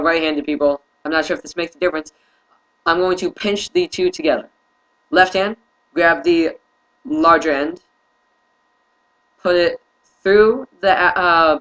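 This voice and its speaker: A man's voice: fairly high pitch, bright, forceful tone, low-quality recording. A young man giving a casual how-to tutorial, tired and hesitant, often apologizing and filling gaps with "um". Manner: hesitant, apologetic, many fillers. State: tired, yawning. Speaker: video host.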